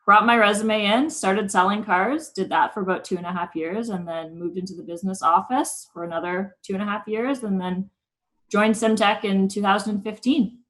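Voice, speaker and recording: A woman in her thirties, a senior district manager, telling a story in a friendly, steady, casual way. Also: mid-range voice, normal speed, rough recording. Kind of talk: casual interview chat.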